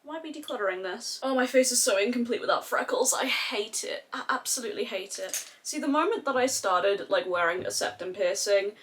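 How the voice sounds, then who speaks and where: A woman's voice: fairly high pitch, fairly quick, few pauses, a little hiss or hum. Chatty Australian woman doing makeup. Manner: chatty, animated, slangy with casual swearing. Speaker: beauty vlogger. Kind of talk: casual makeup tutorial chat.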